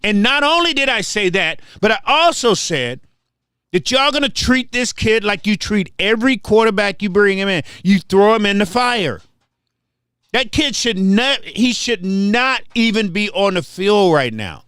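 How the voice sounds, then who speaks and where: Animated high-voiced older man ranting. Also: a little slow, clean tone, dry recording, studio quality. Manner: animated, trash-talking, repeats words. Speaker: livestream host. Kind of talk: casual livestream rant.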